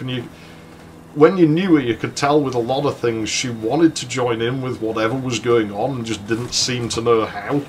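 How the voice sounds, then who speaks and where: Over slight background noise, a man with a mid-range voice hosts a let's play, telling a long rambling story as he plays. He swears freely and chuckles between lines.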